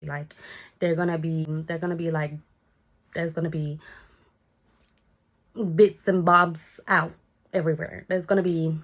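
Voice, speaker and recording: A woman's voice: unhurried, pauses often. A young woman tells a story in a casual vlog, acting out what people said with big jumps in her voice. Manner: animated, acts out quotes with big pitch jumps. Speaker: vlogger.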